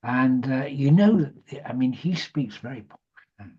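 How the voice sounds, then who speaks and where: A man's voice: mid-range voice, expressive, unhurried, darkish tone, husky. A middle-aged man, a former radio DJ, telling rambling, sweary anecdotes in a casual interview. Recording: muffled lo-fi sound.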